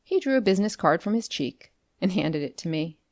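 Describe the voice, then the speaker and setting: A woman reads a classic tale aloud in an expressive, animated storytelling voice. Her voice sits on the low side, and the recording is close and dry. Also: brisk, no echo. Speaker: audiobook narrator. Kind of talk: scripted narration.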